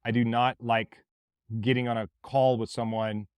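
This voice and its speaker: A man from Mississippi with a Southern accent, hosting a podcast as a blunt, forceful motivational monologue with plenty of swearing. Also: mid-range voice, level tone, moderate pace, clean tone, no echo. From Mississippi, USA. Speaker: podcast host.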